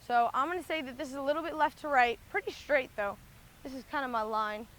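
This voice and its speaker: A woman's voice: high-pitched, fast, a bit bright. A woman talking casually through her golf shots outdoors, chatty and thinking aloud, out of breath. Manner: chatty, thinks aloud with many likes and restarts. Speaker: golf vlogger. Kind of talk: casual talk-through while playing golf. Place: outdoors on a windy golf course.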